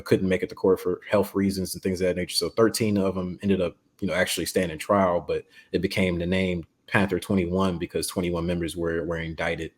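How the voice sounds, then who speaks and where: A man, a guest writer, telling a story in casual podcast chat, loose and full of fillers. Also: deep voice.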